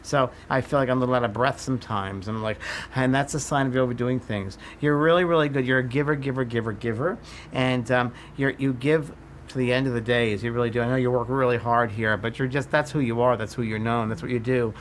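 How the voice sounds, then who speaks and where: Man giving a halting psychic demonstration. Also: mid-range voice, steady tone, slight background noise. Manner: halting, repeats "I feel" while reading impressions. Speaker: psychic medium teaching a class. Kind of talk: live workshop demonstration.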